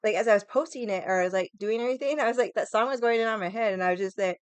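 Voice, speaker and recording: A woman's voice: on the high side, expressive, fast, smooth, dry recording. A young woman chatting casually with viewers on a livestream, rambling, swearing freely and laughing often. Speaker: livestream vlogger.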